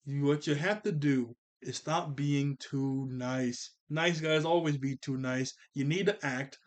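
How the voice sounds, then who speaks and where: A man voicing a cocky teen boy from a cartoon who hands out dating advice in a slow, drawn-out way. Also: mid-range voice, fairly even intonation, lightly acted. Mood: confident.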